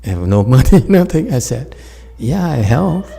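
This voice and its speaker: A Buddhist meditation teacher with a medium-pitched, creaky, warm, slightly rough voice speaks in a sing-song way at normal speed. Giving an informal dharma talk, he tells stories and jokes, laughs often, and addresses listeners directly.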